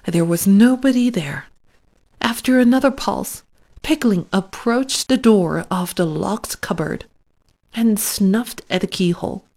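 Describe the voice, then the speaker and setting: Slow, expressive woman storyteller. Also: mid-range voice. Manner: slow, expressive read-aloud. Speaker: narrator. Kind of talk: storybook reading.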